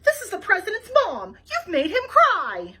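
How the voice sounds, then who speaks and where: A woman voicing the president's indignant, scolding mother, who shouts her complaints. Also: extremely high pitch, huge pitch swings, moderate pace, pitched above the performer's own voice, heavily acted.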